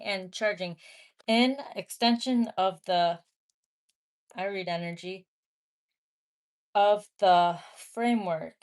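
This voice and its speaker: Blunt woman chatting on a livestream. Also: mid-range voice. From American Midwest. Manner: blunt, swears, reads chat comments aloud. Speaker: livestream host. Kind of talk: casual livestream chat.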